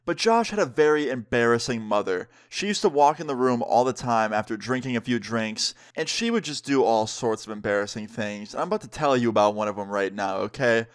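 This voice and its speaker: Young man, vlogger; casual, expressive storytelling, medium pitch. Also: fairly quick, hardly any pauses, clear, resonant tone. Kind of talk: storytime vlog.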